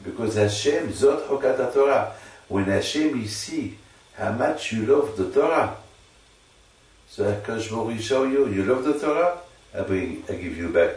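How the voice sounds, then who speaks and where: A man's voice: medium pitch, darkish tone. Guy teaching torah, keeps repeating himself, big echoey room, mic far off. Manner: halting, repeats phrases for emphasis. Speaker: religious teacher. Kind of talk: informal Torah teaching to a listener.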